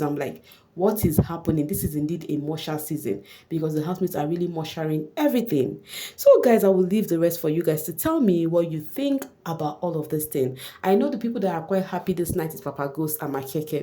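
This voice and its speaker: Lady gossiping about a reality show, low-ish warm voice, chatty and exclaiming a lot. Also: slight background noise. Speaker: vlogger recapping a reality show. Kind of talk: casual gossip commentary.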